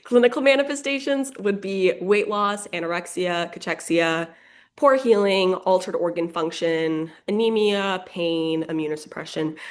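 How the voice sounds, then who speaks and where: Young female tutor, lowish voice, loose and filler-heavy, on a video call. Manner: quick, casual, many fillers and self-corrections. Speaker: nursing exam tutor. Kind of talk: exam review lecture over video call.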